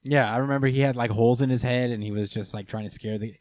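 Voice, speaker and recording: A fast-talking man with a steady, darkish mid-range voice is heard with no echo. Co-hosting a podcast, he rambles through a casual recap of an anime episode, full of filler words.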